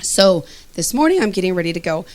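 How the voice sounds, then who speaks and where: A middle-aged woman casually telling a personal story as a testimonial, lively, acting out both sides of conversations and laughing often. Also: lowish voice, quick pace. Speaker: student giving a testimonial.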